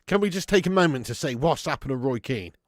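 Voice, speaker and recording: A man's voice: medium pitch, lively intonation, fast talker, no echo, clean studio sound. A man hosting a live football watch-along, reading the chat and chatting with viewers in a casual, sweary way, calling everyone mate and laughing often.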